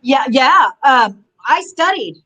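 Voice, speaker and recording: A woman in her forties, a former wrestler and guest, telling rambling, animated stories full of "you know". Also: high-pitched, takes it slowly, rough recording. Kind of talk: casual interview storytelling.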